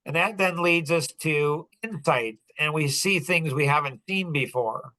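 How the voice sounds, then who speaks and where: A man hosting a business podcast, telling a story in casual talk, animated and laughing often as he acts out dialogue. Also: a little high, unhurried, low-quality recording. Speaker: podcast host.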